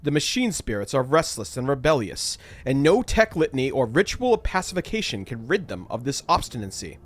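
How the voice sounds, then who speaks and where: A man's voice: mid-range voice, big pitch swings, a little fast. A man reading the part of a dutiful male vox officer, delivering a formal, ornate report to his captain.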